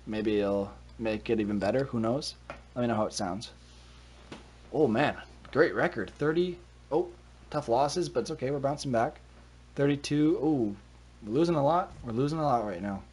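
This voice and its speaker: A man's voice: mid-range voice, a little mellow, breathy edge. A man casually commenting on a hockey management game during a live stream, talking through his thoughts and reacting on the spot, into a desk mic with a cover on it. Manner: chatty, thinks aloud, quick reactions.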